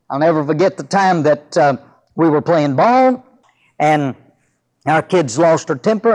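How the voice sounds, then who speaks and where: An older man preaching a sermon about teaching children, telling stories from his family and ministry. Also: high-pitched. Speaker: pastor.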